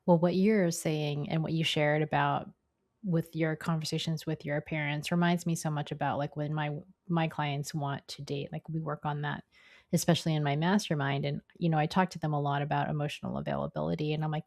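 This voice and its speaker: A woman's voice: deep voice, fairly even intonation, brisk, a little mellow, no room sound, studio quality. A woman podcast host and coach, talking thoughtfully and conversationally about her clients. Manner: thoughtful, conversational, relating guest's story to her own clients. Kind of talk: casual interview talk.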